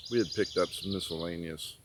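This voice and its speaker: A man's voice: low-pitched, fairly quick, background noise. A middle-aged man telling a long personal story in a folksy, rambling way, often repeating "I said" as he retells conversations. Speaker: prepping channel host. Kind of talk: casual storytelling.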